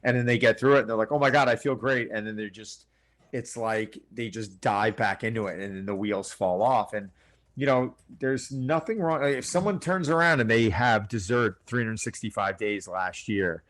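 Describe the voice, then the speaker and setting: Earnest low-voiced man coaching. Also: lively intonation, moderate pace, a bit bright. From Long Island, New York. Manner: earnest, coaching, acts out clients in quotes. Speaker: personal trainer guest. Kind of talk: casual podcast interview.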